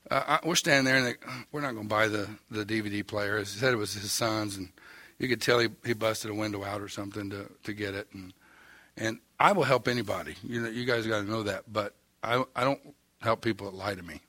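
A man's voice: on the low side, fairly even intonation, brisk, bright, forceful tone, dry recording. An older man with an Oklahoma accent preaching a sermon, telling a story in a folksy, wry, self-mocking way. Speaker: pastor.

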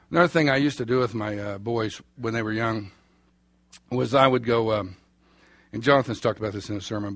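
A man's voice: mid-range voice, no room sound. A middle-aged man preaching a sermon, folksy and anecdotal, chuckling through his stories. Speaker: pastor.

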